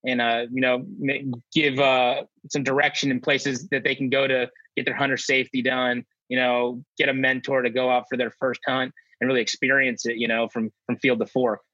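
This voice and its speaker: A man's voice: medium pitch, flat delivery, normal speed, hardly any pauses, pushed and bright, no echo. A man hosting a casual podcast chat, easygoing and full of "you know" fillers. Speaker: podcast host. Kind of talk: casual conversation. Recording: dull dry lo-fi sound.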